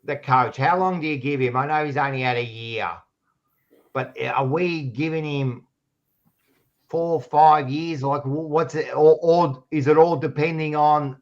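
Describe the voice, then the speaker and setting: A man's voice: on the high side, a little slow, muffled recording. A man hosting a casual footy podcast, rowdy and egging on the live chat. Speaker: podcast host.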